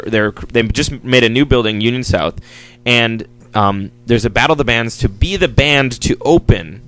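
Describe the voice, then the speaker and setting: A man's voice: medium pitch, fairly bright tone, low-quality recording. A man in a band, chatting casually in a radio studio interview, rambling with fillers and frequent chuckles. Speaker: band member.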